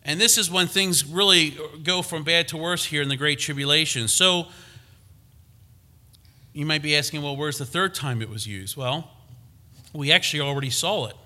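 A man's voice: a little high, normal speed, pushed and bright. A man preaching a sermon on scripture, emphatic and given to restarts and fillers as he teaches.

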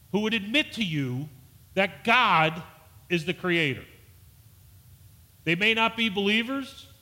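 Male pastor, earnest sermon delivery, bright tone with a slightly high pitch. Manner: earnest, repeats and restarts words, rises for emphasis.

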